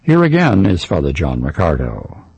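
A man hosting a program, introducing the next talk in a measured announcing style. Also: deep voice, huge pitch swings, vocal fry, a little mellow, slightly rough, no room sound, lo-fi sound. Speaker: radio program host.

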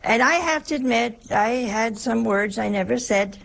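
A woman's voice: a little high, normal speed, creaky, heavy background noise. A woman, a nun, preaching a folksy sermon in a chatty, humorous way, full of rhetorical questions.

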